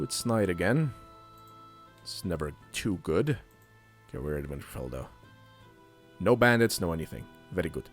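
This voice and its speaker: A man giving casual let's play commentary, chatty and thinking aloud while he plays. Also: medium pitch. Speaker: gaming youtuber.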